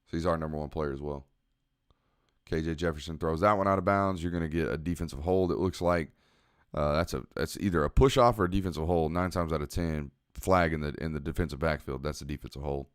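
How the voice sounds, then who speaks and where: A young man, giving relaxed, analytical commentary on a football game as he watches and answers chat on a live stream. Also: a bass voice, fast talker, clean tone, no room sound, clean studio sound.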